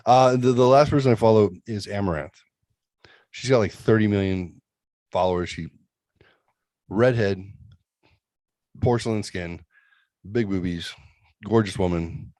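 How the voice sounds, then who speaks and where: Low-voiced rambling man hosting a show. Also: unhurried, long pauses, darkish tone, no echo. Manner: rambling, joking, crude. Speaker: podcast host. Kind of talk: casual chat.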